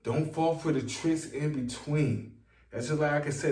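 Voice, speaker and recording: A man talking to his viewers in a slow, preachy, rambling monologue, repeating lines for emphasis. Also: fairly high pitch, darkish tone, far from the mic. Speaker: online self-help talker. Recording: echoey room, voice set back from the mic.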